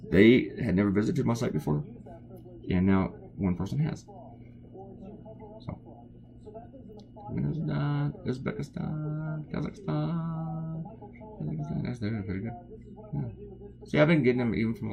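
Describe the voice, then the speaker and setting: Tired cartoonist, male, low gravelly voice, rambles casually while drawing. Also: darkish tone. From United States. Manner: rambling, wandering off topic.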